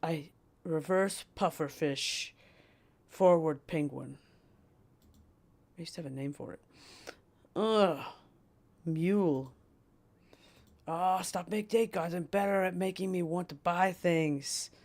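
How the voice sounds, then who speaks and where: A woman's voice: fairly low pitch, takes it slowly, long pauses, darkish tone. A woman streamer voicing a scheming female poison witch who tells fortunes, rambling and playfully mean in character. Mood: coveting. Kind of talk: in-character livestream role-play.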